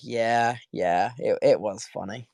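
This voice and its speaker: A man's voice: medium pitch, gravelly, darkish tone, dry recording, clean studio sound. A young English man, tired after little sleep, chatting casually as host of a live audio stream. He rambles through a story, laughing and restarting his sentences, and speaks from his bed. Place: sitting in bed at home.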